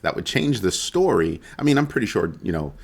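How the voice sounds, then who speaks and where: A man's voice: lowish voice, big pitch swings, a little fast, gravelly, slightly rough. A man hosting a casual weekly crypto roundup, talking loosely and conversationally with frequent ums and self-corrections. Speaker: crypto video host.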